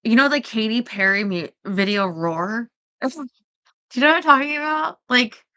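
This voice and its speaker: A podcast host chats casually in a fairly high, sharp-toned voice with lively intonation and a moderate pace. She rambles along, packing her talk with fillers and quoting herself.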